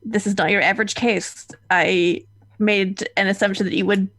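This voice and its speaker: A woman's voice: medium pitch, steady tone, fairly bright tone. A woman voicing a composed female investigator in a tabletop game, speaking formally and carefully. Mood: measured. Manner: formal, measured.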